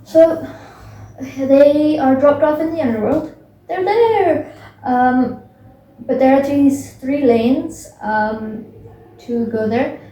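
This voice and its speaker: A woman's voice: high voice, takes it slowly, long pauses, dark tone. A young woman casually retelling a book's plot, rambling with many fillers and restarts. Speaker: book recap vlogger. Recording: echoey room, voice from a distance.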